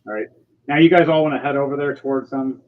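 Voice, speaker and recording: A man running a tabletop game online as game master, describing scenes in a relaxed way with filler words. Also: medium pitch, quick pace. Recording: dull lo-fi sound with loud music behind.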